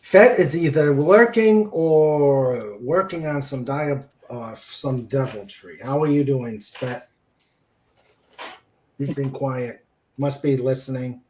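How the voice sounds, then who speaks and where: A man's voice: medium pitch, takes it slowly, a little mellow, slight background noise. A man hosting a casual live stream, reading chat messages aloud and chuckling along with guests. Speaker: stream host.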